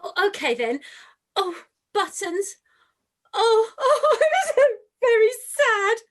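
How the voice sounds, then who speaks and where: A woman's voice: sits high, big pitch swings, slow pace, heavily acted. A woman playing a self-pitying Cinderella in an amateur pantomime, whining and sighing melodramatically. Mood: sobbing.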